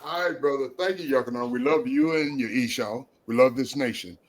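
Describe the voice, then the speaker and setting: An effusive man hosting a religious talk show. He praises his callers over and over in a voice of medium pitch. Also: fairly quick, a little hiss or hum. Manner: effusive, repeats praise phrases. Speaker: show host.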